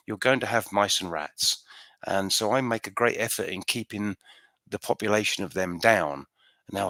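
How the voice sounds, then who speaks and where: Chatty man with a bright, forceful voice. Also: lowish voice, no room sound, clean studio sound. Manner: chatty and rambling, restarts sentences often. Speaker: vlogger answering viewer questions. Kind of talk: casual live stream Q&A.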